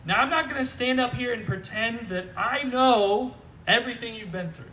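This outdoor church sermon comes from a pastor whose voice is very high-pitched, moving at a moderate pace with slight hiss or hum in the background. Recorded from some distance, he jokes, stays animated and conversational, and keeps asking "right?"

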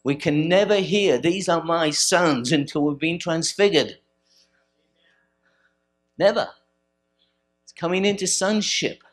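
A man preaching a sermon at a church service, swinging from forceful bursts to quiet stretches. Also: on the high side, moderate pace, few pauses. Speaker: pastor.

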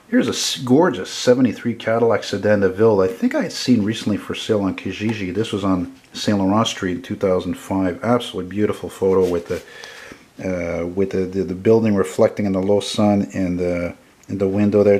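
A man's voice: deep voice, a little mellow. A man, rambling enthusiastically as he walks through photos he is selling. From Montreal, Canada. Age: 40s. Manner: rambling and enthusiastic, quick with self-corrections. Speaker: photographer selling his car prints. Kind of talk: casual sales walkthrough.

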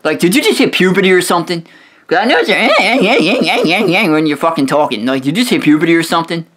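A man's voice: on the high side, animated, rapid-fire, a bit bright. Man ranting with heavy profanity. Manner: aggressive, swearing, repetitive stammering restarts. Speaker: video host roasting another creator. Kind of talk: profane insult rant.

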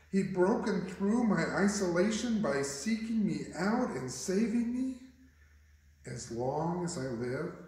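A male pastor preaching a first-person dramatic monologue sermon, telling the story in character with an expressive, unhurried manner. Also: a little high. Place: church sanctuary. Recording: very echoey church hall, faint hiss.

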